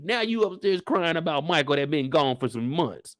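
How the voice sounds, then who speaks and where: Man reviewing a tv episode, casual, profane, high swooping voice, dry sound. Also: moderate pace, dry recording. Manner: animated, slangy, profane, joking. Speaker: TV recap reviewer.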